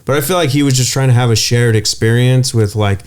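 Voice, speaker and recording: A man's voice: mid-range voice, a little fast, smooth. A man co-hosting a podcast in casual chat, hesitant and searching for his words. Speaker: podcast co-host.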